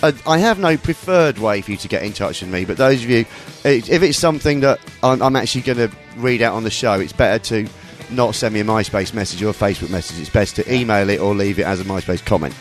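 A man's voice: on the low side, fast, hardly any pauses, soft background music. A man hosting a podcast, reading listener emails aloud in casual, jokey chat. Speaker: podcast host.

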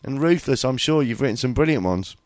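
A man's voice: medium pitch, expressive, brisk, no echo, clean studio sound. A man co-hosting a podcast, sweary and mocking, a bit tipsy. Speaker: podcast co-host. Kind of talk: irreverent podcast banter.

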